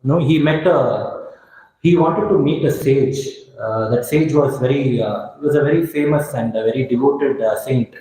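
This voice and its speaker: A man giving a scripture class, telling a story in a halting way with many restarts and fillers. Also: mid-range voice, dark tone, very echoey, rough recording. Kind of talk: sermon with storytelling. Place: temple hall.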